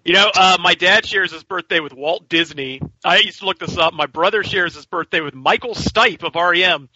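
Guy rambling excitedly on a podcast, bright highish voice, dry dull audio. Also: normal speed, no echo. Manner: excitable, rambling, swears freely. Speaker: podcast co-host. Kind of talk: casual chat.

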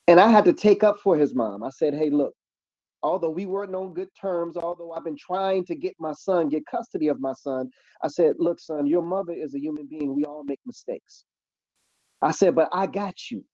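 A man's voice: fairly high pitch, mellow, dry recording, dull audio. A man giving a spoken faith testimony as a radio show host, preaching and repeating words when moved.

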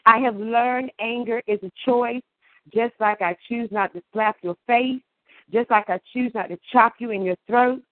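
A woman's voice: on the high side, fairly even intonation, dry recording. Woman performing spoken word by phone. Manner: emphatic, playful wordplay, deliberate delivery. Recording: tinny phone line.

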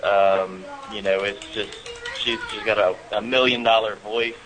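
A man who is a musician guest, talking about his band in a relaxed, rambling way with many fillers. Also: on the low side, unhurried, low-quality recording. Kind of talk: casual interview chat. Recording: call audio with crowd noise behind.

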